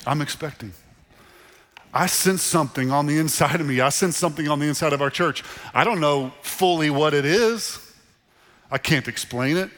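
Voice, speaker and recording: Pastor preaching in an echoing hall. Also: male voice, a little high, moderate pace. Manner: animated, conversational preaching with repeated phrases. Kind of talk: sermon. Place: church sanctuary. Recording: long reverb of a large hall. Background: congregation in the room.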